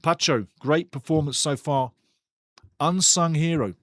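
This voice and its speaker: A man's voice: on the high side, a little slow, a bit bright, no room sound, studio quality. Passionate man hosting a football watchalong. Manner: passionate, ranting, chatty. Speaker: watchalong host. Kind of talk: live football watchalong commentary.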